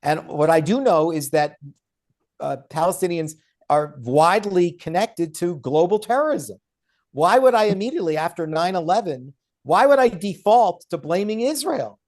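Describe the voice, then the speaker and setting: On a podcast, a man who is the guest author and a law professor argues his points emphatically, slipping into mocking quoted voices. His voice sits high and sounds expressive and slightly mellow, at a moderate pace.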